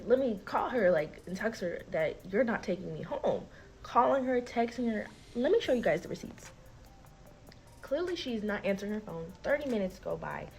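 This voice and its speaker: A woman's voice: mid-range voice, rough recording. A young woman telling a personal story in a casual vlog, acting out the people she quotes and saying "like" a lot. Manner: animated, acts out quoted voices, filler-heavy "like". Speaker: storyteller recounting a personal dispute.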